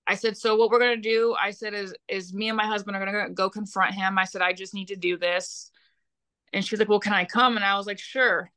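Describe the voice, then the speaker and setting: A woman's voice: medium pitch, steady tone, a little fast, sharp tone, smooth. A young adult woman, a podcast guest, telling a painful personal story in a blunt, heated way with frequent swearing.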